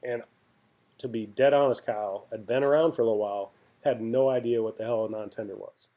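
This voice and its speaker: A man, a former pro baseball pitcher, telling his story in a casual, candid interview with many restarts. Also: fairly even intonation, a little fast, mellow. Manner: rambling, candid, with frequent restarts.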